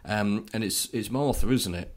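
Low-voiced man rambling on a podcast. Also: normal speed. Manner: rambling, lots of fillers and restarts. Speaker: podcast co-host. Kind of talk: casual chat.

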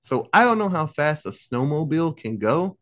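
Casting note: young male podcast host, lively swooping delivery, profane, acts out characters mid-recap. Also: a little high. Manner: animated, profane, acts out characters in quick asides. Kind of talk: casual storytelling recap.

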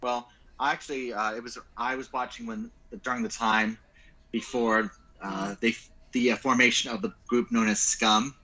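A man's voice: mid-range voice, fairly even intonation, moderate pace, sharp tone, highs cut off. A man guest in a casual podcast chat, talking hesitantly with many fillers.

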